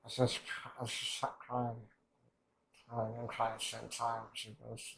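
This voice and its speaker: A man's voice: medium pitch, completely flat delivery, unhurried, vocal fry, crowd noise, poor audio. A man reacting to an anime episode in rambling, emotional casual commentary, swearing often and restarting his sentences.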